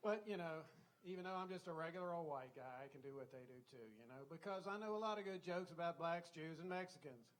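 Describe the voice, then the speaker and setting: A man's voice: fairly high pitch, fast. An older man with a Southern US accent doing a folksy stand-up routine on a comedy club stage, full of chatty "you know" asides.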